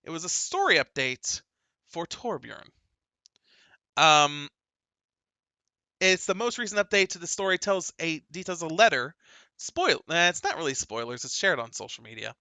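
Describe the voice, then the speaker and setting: A man's voice: a little high, big pitch swings, normal speed, long pauses, sharp tone, dry recording. A man hosting a casual gaming podcast, chatting and laughing as he reads out news items. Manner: chatty, laughs often, many fillers. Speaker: podcast host.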